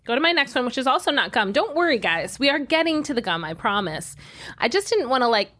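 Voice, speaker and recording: Animated giggly woman podcast host. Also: high-pitched, fast talker. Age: 40s. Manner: animated, giggly, talks to listeners. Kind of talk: casual chat.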